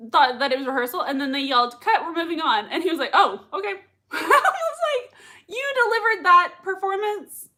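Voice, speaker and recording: A woman's voice: high-pitched, bright, forceful tone. A young woman hosting a live reaction stream, chatting casually as she reads out viewer comments, gushing and laughing often, with lots of fillers. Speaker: livestream reaction host.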